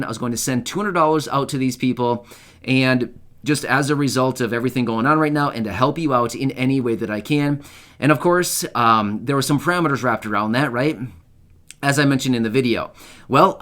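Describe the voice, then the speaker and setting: A man's voice: medium pitch, a bit bright. A man hosting his own channel, talking casually and earnestly to his viewers, rambling with lots of fillers and heartfelt asides. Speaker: channel host. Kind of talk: casual to-camera talk.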